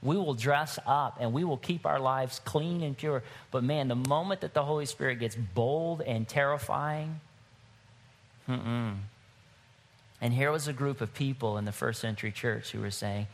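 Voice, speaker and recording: A man preaching a sermon to his church, shifting from wry, conversational storytelling to emphatic, rising exhortation. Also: moderate pace. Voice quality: bald-headed man, higher-pitched voice. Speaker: pastor.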